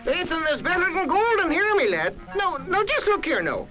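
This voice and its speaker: A tiny, mischievous old leprechaun in a vintage ad, his voice piping up very high. He bounces around in a sing-song folksy brogue over clear background music. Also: big pitch swings, normal speed, sharp tone, heavily acted. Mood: sly, cheery. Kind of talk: vintage ad voice acting.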